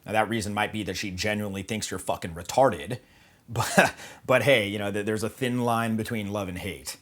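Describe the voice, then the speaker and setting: A man with a lowish, fairly bright voice speaks at a normal pace, giving casual dating advice. He jokes around, swears freely, and keeps checking in with "okay" and "right?" in a relaxed instructional style.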